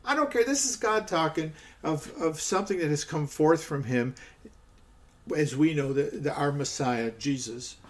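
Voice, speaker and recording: A man's voice: a little high, unhurried. A man giving a conversational podcast Bible teaching, often checking in with "okay" and stressing the quoted lines.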